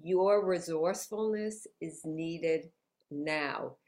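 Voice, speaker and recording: A woman guest, an author, speaks slowly in a low-pitched, darkish voice during a conversational New York City interview. She stays upbeat and motivational and laughs often.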